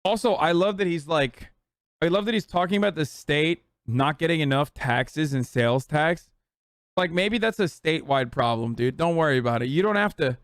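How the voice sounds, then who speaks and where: A man's voice: on the high side, no echo, studio quality. A man in his thirties ranting and mocking in profane, casual live-stream commentary.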